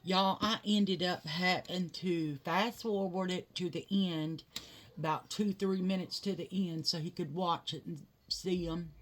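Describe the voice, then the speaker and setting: A woman's voice: on the low side, steady tone, a little slow. A woman telling a rambling family story in casual chat while doing her makeup, full of fillers. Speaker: vlogger, mother.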